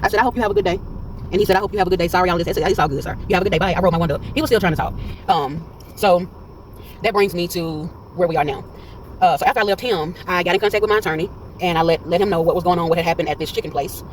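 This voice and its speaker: A man's voice: high-pitched, rapid-fire, a little hiss or hum, rough recording. A man in his forties telling a story in a casual vlog, retelling it with energy and acting out each quoted line. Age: 40s. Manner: animated retelling that acts out quoted dialogue. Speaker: vlogger. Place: in a parked car.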